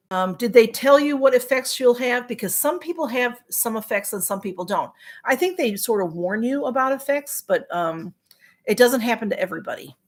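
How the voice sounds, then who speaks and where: A woman hosts a relaxed live stream and talks straight to her viewers. Her tone is chatty and sympathetic, and her sentences are full of ums, pauses and restarts. Her pitch sits in a middle range. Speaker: livestream host reading viewer comments. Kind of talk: casual live-stream chat.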